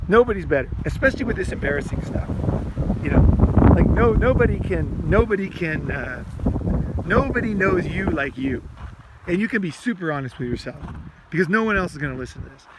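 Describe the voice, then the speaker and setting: A man's voice: high voice, lively intonation, moderate pace, heavy background noise. A man hosting a self-help podcast in a loose, rambling, casual monologue, swearing often and repeating himself, recorded outdoors while walking. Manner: loose, repetitive, swears often, acts out inner rants.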